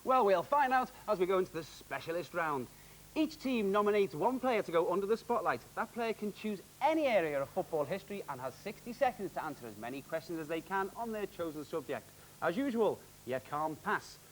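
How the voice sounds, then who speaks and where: A man hosting a televised quiz, with upbeat, jokey, quick quizmaster delivery. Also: high-pitched, expressive, slight background noise, poor audio. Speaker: quiz show host.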